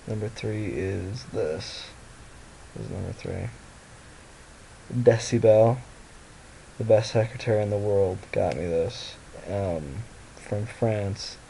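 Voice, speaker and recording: A man's voice: lowish voice, vocal fry, mellow, a little hiss or hum, rough recording. A tired young man rambling casually in a vlog at home, with lots of fillers and restarts and a sleepy voice. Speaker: vlogger. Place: at home by a mirror.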